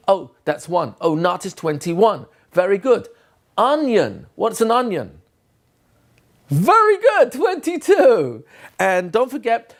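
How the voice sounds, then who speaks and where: Playful man teaching a memory system. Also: sits high. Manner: playful, quizzes himself aloud and answers. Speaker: teacher trainer. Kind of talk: recorded teaching lesson.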